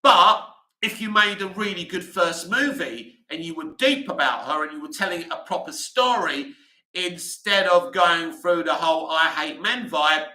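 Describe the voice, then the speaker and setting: Chatty man with a sharp bright voice. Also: high voice, unhurried, reverberant, poor audio. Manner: rambling, chatty, fillers like "you know". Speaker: livestream host. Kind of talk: casual livestream chat answering viewer comments.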